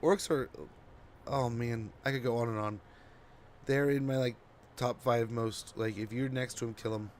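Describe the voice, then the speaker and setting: With a medium-pitched, darkish voice, this drowsy streamer chats and rambles to viewers at a moderate pace while playing a strategy game. His intonation stays fairly even, and there's a bit of background noise.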